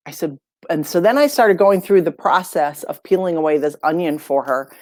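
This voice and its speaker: A woman, a life coach and podcast guest, tells stories in a relaxed, conversational way and acts out the lines of the people in them. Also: sits low, normal speed, dry recording. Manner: lively storyteller who acts out dialogue. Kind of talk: casual podcast storytelling.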